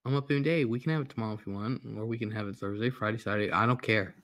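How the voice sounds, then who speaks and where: A man's voice: on the low side, rapid-fire, a bit bright. Male livestream host, casual and rambling, reads out viewer comments. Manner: reads out viewer comments, greets chatters by name; laid-back, profane, rambling. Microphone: headphones and computer mic.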